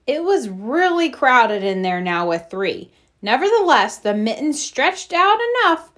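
Slow, expressive woman reading a storybook. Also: fairly high pitch. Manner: slow, expressive, sing-song. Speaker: children's story reader. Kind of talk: storybook read-aloud.

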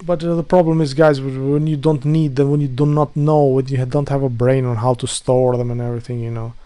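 A man's voice: medium pitch, flat delivery, fairly quick, dark tone. A man speaking English as a second language vents to his audience about a housemate. He sounds fed up, swears freely and keeps restarting his sentences. His talk is loose and unscripted, like a video diary. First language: not English. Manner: exasperated ranting, swears often, restarts a lot. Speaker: vlogger. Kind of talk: casual rant to camera.

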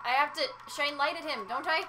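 A woman chatting casually during a group video game session, giggly and expressive. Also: sits high, a little fast, background noise. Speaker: game player. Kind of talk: casual let's-play chat. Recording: loud game music behind.

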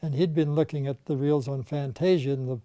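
A man's voice: on the high side, fairly even intonation, fairly quick, mellow, dry recording. An older man, a veteran animation filmmaker, reminiscing in conversation and telling anecdotes in which he mimics the people he quotes.

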